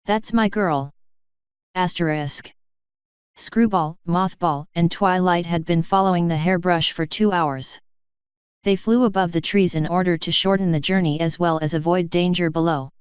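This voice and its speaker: A woman narrating fanfiction in a steady storytelling manner. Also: on the low side, moderate pace, smooth, no echo. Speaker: audiobook reader. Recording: dry, dull lo-fi recording.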